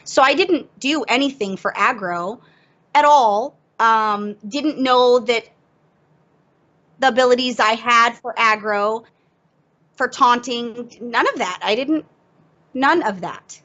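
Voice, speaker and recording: A woman chats on a podcast and tells a story against herself, lively and laughing at her own blunders. The audio is dull and lo-fi, as if through a cheap mic. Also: fairly high pitch, takes it slowly, long pauses. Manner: animated, self-mocking, laughs through the story. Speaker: podcast guest. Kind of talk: casual storytelling chat.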